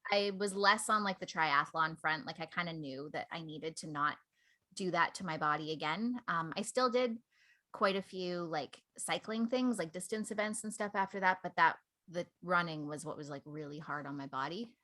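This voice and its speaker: A woman's voice: on the low side, normal speed, pushed and bright. A woman guest on a podcast, telling a reflective personal story in casual conversation, with lots of "like" fillers.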